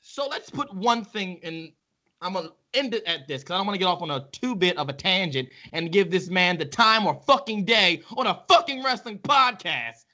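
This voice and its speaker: A man with a bright, tense voice hosts a podcast and rants with heated, profane force. His pitch sits a little high for a man. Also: lively intonation, moderate pace. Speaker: podcast host. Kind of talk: casual podcast chat.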